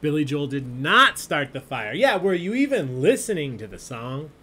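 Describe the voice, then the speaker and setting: A man's voice: a little high, very animated, moderate pace, bright, forceful tone, husky. Jokey man hosting a trivia night. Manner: jokey, chatty, reads out questions and answers. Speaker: trivia host. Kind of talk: live-streamed trivia hosting.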